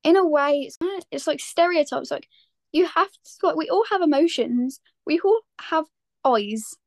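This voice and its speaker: A woman's voice: high voice, expressive, measured pace, no echo. A teenage girl speaking candidly in a casual podcast chat, full of "like". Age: teens. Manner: candid, earnest, lots of "like". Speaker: podcast guest.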